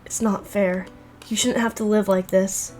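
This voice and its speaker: A woman's voice: medium pitch, steady tone, a little slow, a little mellow, soft background music, natural voice. Bitter teenage girl, read by a woman. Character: angry grieving teenage girl, harsh-tongued.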